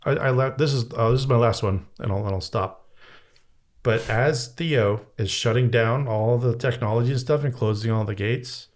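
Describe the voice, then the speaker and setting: Speaking at normal speed in a medium pitch, this movie podcast co-host complains casually about a film. His chat is wry and includes some cursing.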